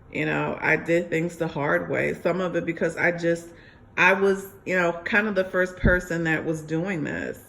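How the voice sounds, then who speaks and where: A woman's voice: low-pitched, creaky, fairly bright tone. A young adult woman telling her own story in a rambling way, with many fillers and restarts. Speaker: ex-member sharing her story. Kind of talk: personal storytelling monologue.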